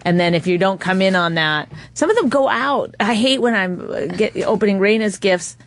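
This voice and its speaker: A woman's voice: medium pitch, expressive, moderate pace, a little hiss or hum. A woman co-hosting a podcast in casual, joking chat. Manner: joking, plays with put-on accents. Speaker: podcast co-host.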